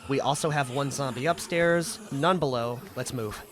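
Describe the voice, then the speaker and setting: A man giving casual, excitable commentary as he plays a video game. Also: medium pitch, moderate pace, slight background noise. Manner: chatty, excitable reactions. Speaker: gaming video creator.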